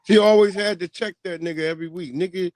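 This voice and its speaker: A man from New York co-hosts in loose comedic banter, his voice sitting high. He tells stories with lively mimicry and loud shouted impressions. The sound is dry and close, with no room around it. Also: fast talker, dry recording. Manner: animated storyteller who mimics people in loud bursts. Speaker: podcast co-host.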